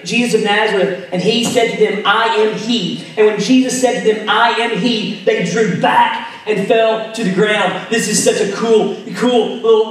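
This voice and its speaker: A man preaching a sermon, retelling a scripture story, dropping to hushed tones and rising to emphatic ones. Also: high voice. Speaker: pastor. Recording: echoey hall, mic at a distance.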